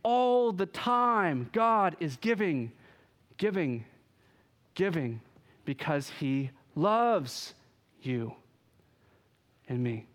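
A man preaching a sermon, telling stories with lively energy and acting out the voices of the people in them. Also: fairly high pitch, drawn-out words, long pauses. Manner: animated storytelling, acts out quoted voices. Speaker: pastor.

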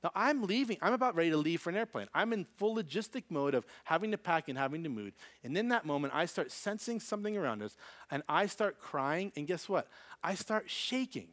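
A man preaching a sermon, telling a personal story with animated delivery and acting out the voices in it. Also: fairly high pitch, a little fast. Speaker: pastor.

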